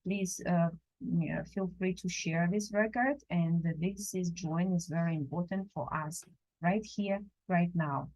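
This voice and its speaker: Slow, gentle woman teaching drawing. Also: on the low side, low-quality recording. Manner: slow, gentle, non-native phrasing with many pauses. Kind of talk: live drawing lesson. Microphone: camera while drawing at a table.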